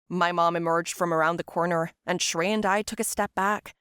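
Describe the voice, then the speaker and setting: A woman's voice: on the low side, steady tone, normal speed, few pauses, fairly bright tone, clean tone, dry recording, clean studio sound. A woman narrating a first-person story and voicing all the other characters herself.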